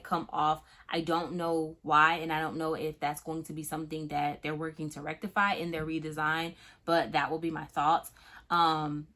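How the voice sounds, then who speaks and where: A young Southern woman from Florida talks her way through a casual fragrance review, emphatic and chatty, with many fillers. Her voice sits a little low but sounds bright and forward. She keeps checking in with the listener as she goes. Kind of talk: casual product review vlog.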